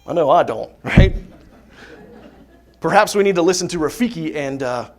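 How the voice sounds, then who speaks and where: Man, somewhat high voice, casual catechism talk to parents, rhetorical questions, keeps checking in with "right?". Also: lively intonation, normal speed, pauses often. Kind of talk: live faith talk to a parent group. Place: parish hall dinner gathering.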